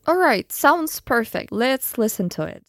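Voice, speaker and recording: A woman hosting a radio show, asking a guest questions in a deliberate, chatty way. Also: fairly high pitch, sing-song, dry recording.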